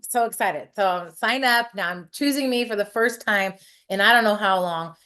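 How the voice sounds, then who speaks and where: A woman's voice: mid-range voice, normal speed, sharp tone. Candid, chatty woman in her forties. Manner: frank and chatty, casual swearing. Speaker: interview guest, hairstylist. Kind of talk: candid personal storytelling.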